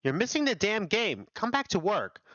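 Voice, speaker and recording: A man's voice: high-pitched, wildly swooping pitch, normal speed, fairly bright tone, dry recording, muffled recording, pitched above the performer's own voice, exaggerated voice. A man voicing a harsh male colleague who scolds and insults someone with open contempt. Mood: scolding. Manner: berating, contemptuous.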